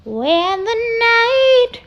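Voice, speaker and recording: A tiny squeaky singer voice, very high, bright, slow and drawn out. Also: female voice, very animated, muffled recording, heavily acted. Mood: crooning.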